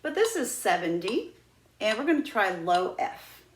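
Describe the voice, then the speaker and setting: A woman with a mid-range, sing-song voice leads a flute lesson unhurriedly in an echoey room. She's patient and demonstrative, taking students through every step and breaking into sung "ha ha" exercises.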